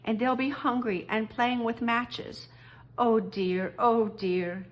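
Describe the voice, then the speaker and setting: Woman doing a high, pleading storybook toad. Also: fairly even intonation, slow, low-quality recording. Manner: pleading, whimpering, high-pitched. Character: desperate, sobbing boastful male toad on the run. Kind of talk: storybook read-aloud.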